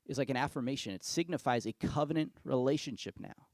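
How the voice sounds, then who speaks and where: A male pastor giving a sermon, reading scripture and retelling it in a casual, conversational way with lively asides. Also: mid-range voice, a little fast, no room sound.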